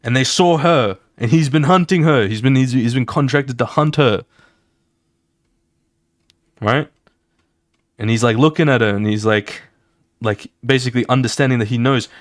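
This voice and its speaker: Excitable young man narrating his comic. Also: mid-range voice, moderate pace, pauses often, no echo, clean studio sound. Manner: excitable, swears often, acts out scenes with sound effects. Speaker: streamer. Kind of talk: casual live-stream chat while drawing.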